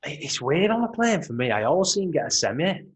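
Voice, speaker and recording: A young man co-hosting a podcast, chatting casually with relaxed, sweary banter. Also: a little high, fast, low-quality recording. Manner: laid-back sweary banter. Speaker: podcast co-host. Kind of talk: casual chat.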